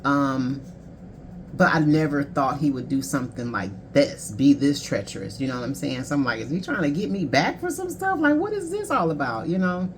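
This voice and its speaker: A woman's voice: deep voice, big pitch swings, moderate pace, a little hiss or hum. A woman in her thirties, a life coach, candidly telling a painful personal story in a casual, conversational way. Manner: candid, conversational, emotional, quoting others.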